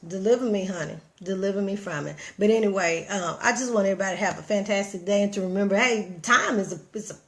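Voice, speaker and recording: A woman with a Southern US accent giving casual motivational talk on a livestream, animated and preachy, addressing viewers directly and reading their comments. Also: mid-range voice, fast, hardly any pauses. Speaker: vlogger.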